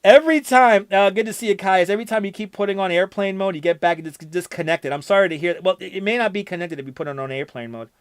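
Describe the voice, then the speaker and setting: A man's voice: sits high, fast talker, hardly any pauses, smooth, no room sound. A man hosting a casual livestream who reads viewer comments aloud, curses freely and laughs often. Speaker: livestream host.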